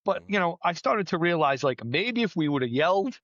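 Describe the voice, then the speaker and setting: A middle-aged man, a battalion chief, telling firefighting stories in a casual podcast chat, plainspoken and lively. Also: sits high, fairly quick, no echo, lo-fi sound. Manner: storytelling, animated, plainspoken with mild swearing.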